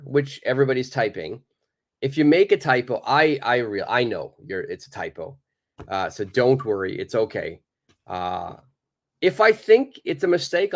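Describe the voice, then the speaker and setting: A male English teacher giving a live online grammar lesson. He speaks slowly and patiently, repeating key points. His voice rises and falls a great deal as he stresses each point. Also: medium pitch. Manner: slow, explaining patiently with many repeats; reads out and answers viewer questions.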